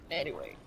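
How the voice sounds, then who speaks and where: A woman streaming a game live, talking playfully to chat, laughing often and yelping whenever her character gets hit. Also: slight background noise. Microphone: microphone in front of her face.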